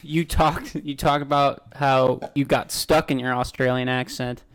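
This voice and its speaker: A man's voice: mid-range voice, steady tone, unhurried. A young man in casual podcast chat, curious and asking questions politely.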